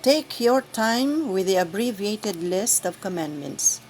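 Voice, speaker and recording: A woman guiding church lectors through the Sunday readings, speaking in a slow, deliberate, carefully enunciated way. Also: mid-range voice, lively intonation, darkish tone, a little hiss or hum, poor audio. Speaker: lector trainer. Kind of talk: instructional reading guide.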